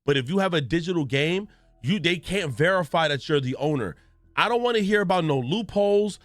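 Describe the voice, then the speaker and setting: A man's voice: a little high, lively intonation, a little fast, no echo. A man, a gaming streamer, giving ranting news commentary in a profane, storytelling way with exaggerated reactions.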